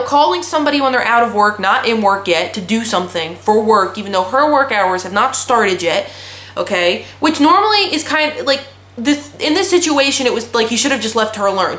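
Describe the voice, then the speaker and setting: A woman's voice: a little high, a bit bright. A young woman in her twenties vlogging casually, telling a story in a blunt, profane ranting way. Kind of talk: casual chat. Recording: echoey room.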